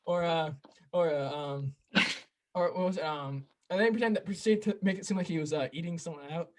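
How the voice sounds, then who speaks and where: A young man hosting a casual podcast chat, retelling comedy bits with quick impressions and laughter. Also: fairly high pitch, a little mellow. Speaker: podcast host.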